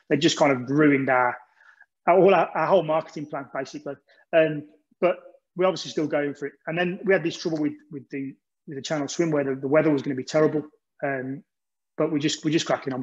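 A man from England giving an informal talk about an endurance relay, rambling with many restarts and ums. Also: on the high side. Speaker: speaker recounting an endurance relay. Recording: dull lo-fi recording.

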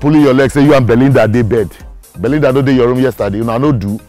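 A man's voice: mid-range voice, very fast, darkish tone, close to an everyday voice. A man plays a boisterous Nigerian roommate who teases and laughs his way through every line in a comedy film. His Nigerian accent carries the Pidgin banter, and faint music plays underneath. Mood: teasing. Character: teasing joker roommate, loud and playful.

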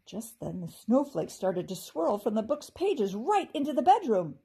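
A woman teacher reading a children's chapter book aloud with expressive, animated narration. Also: fairly high pitch, moderate pace, vocal fry, breathy edge. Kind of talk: storybook read-aloud.

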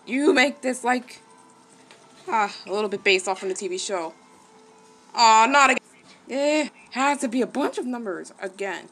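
A woman giving casual let's-play commentary, excitable, gasping and exclaiming at the game. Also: fairly high pitch, moderate pace, pauses often, faint music behind. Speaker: gaming channel host.

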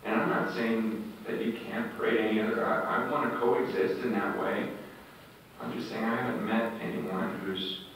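A man preaching at a prayer breakfast, telling stories with animated delivery that swings between loud and hushed. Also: on the low side, normal speed, slight background noise. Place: large hall. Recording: echoey hall, distant dull mic.

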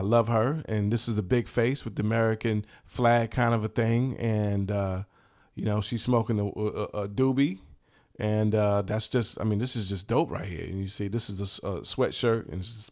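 A man hosting a channel for t-shirt sellers, talking casually and enthusiastically, in a relaxed, slangy way with plenty of swearing. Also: fairly low pitch, moderate pace. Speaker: host of a t-shirt business channel. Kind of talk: casual talk showing shirt designs.

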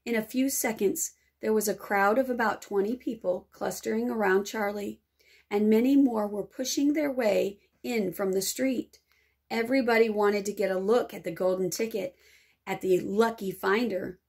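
A woman teacher reading a children's novel aloud, expressive and lingering over words. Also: mid-range voice, normal speed, slightly rough.

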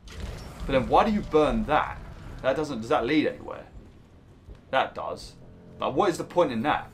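A man's voice: mid-range voice, expressive, moderate pace, a little hiss or hum. A man giving rambling, casual commentary over a video game, swearing and laughing easily. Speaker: gaming YouTuber.

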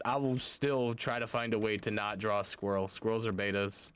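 Excitable, swearing male streamer. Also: lowish voice, clear, resonant tone. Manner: excitable and profane, quick to swear. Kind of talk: casual gaming commentary.

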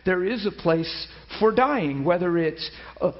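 A middle-aged pastor tells his own story from the pulpit, acting out what people said and stumbling back over his words. His voice sits a little high. The church recording sounds dull and lo-fi. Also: measured pace. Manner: storytelling, animated quoting with many restarts. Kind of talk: sermon testimony.

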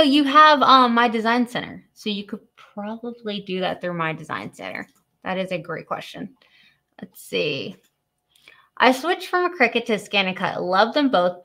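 A woman's voice: mid-range voice, sharp tone. A young woman hosting a live product stream, chatting casually, reading viewer questions aloud and laughing often. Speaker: host of a live product demo.

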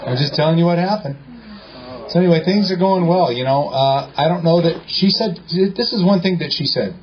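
A man's voice: fairly high pitch, moderate pace, pauses often. Casting note: a man entertaining a meeting, telling a joking story and playing all the parts, on a dull recording. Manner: joking, colloquial, acts out dialogue. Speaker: speaker at a meeting. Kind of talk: storytelling to a live group.

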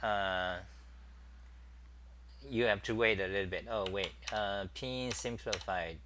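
A middle-aged man hosts a casual live stream, thinking aloud with plenty of fillers and restarts. His voice sits a little low but sounds bright and forward. He talks slowly, with keyboard typing behind him. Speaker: talk show host.

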